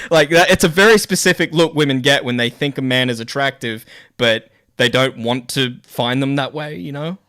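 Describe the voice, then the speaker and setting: Dude hosting a stream, crude and sweary, laughs a lot, dry close mic. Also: male voice, mid-range voice, sing-song, measured pace, long pauses, fairly bright tone, clear, resonant tone, no echo. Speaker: podcast host. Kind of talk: casual chat.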